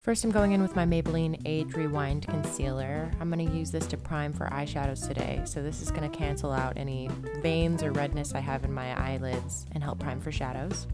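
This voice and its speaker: A woman's voice: low-pitched, steady tone, brisk, hardly any pauses, loud music behind the voice. A young woman chatting casually through a makeup tutorial, rambling with lots of ums and likes. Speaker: beauty vlogger.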